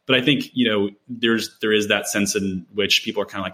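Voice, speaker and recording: A man's voice: lowish voice, fairly even intonation, fairly quick, few pauses, bright, forceful tone. A man in casual conversation, talking in a rambling way with many fillers and restarts.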